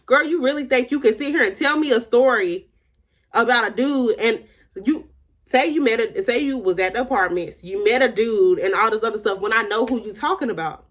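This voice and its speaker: A woman's voice: fairly high pitch, fairly quick, a bit bright. A woman vlogger telling a casual storytime, emphatic and candid, filling her talk with "like" and retelling conversations. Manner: emphatic, repeats "like" often.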